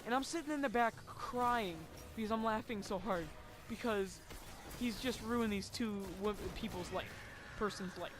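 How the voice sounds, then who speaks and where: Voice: mid-range voice, moderate pace, music in the background. Rambling casual storyteller. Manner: rambling, many fillers, swears casually. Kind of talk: casual story time over gameplay.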